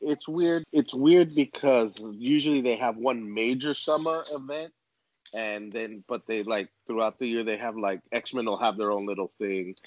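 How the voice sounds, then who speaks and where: A man co-hosting a podcast in casual chat, chiming in with quick comments and corrections. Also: lowish voice, darkish tone, muffled recording. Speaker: podcast co-host.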